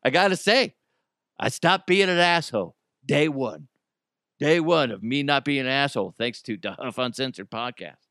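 A man's voice: medium pitch, lively intonation, moderate pace, fairly bright tone, no room sound, clean studio sound, lightly acted. A man voicing a grateful male podcast listener who boasts about reforming himself, in a mock-earnest, proud way.

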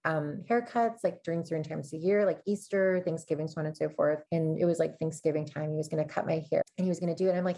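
Young woman rambling through an advice story, lowish voice, lots of likes and you knows. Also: fairly even intonation, fast talker, hardly any pauses, mellow. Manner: candid storytelling, many fillers. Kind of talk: casual advice chat.

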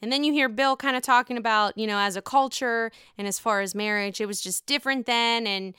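A woman's voice: fairly high pitch, a little fast, sharp tone, clean tone, dry recording, clean studio sound. A woman hosting a casual, profane podcast recap of a reality show, acting out the lines of the people in it. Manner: chatty, profane, acts out quotes.

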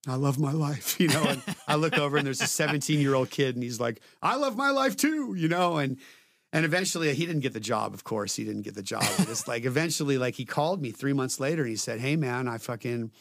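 Man, candid and profane storyteller, mid-pitched voice, dry close sound. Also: fast talker, creaky, a bit bright, dry recording. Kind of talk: casual podcast conversation.

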